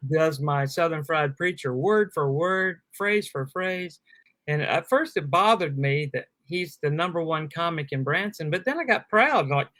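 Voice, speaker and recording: A man who is a guest comedian on a podcast, telling animated anecdotes and acting out quotes in casual chat. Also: on the high side, no room sound.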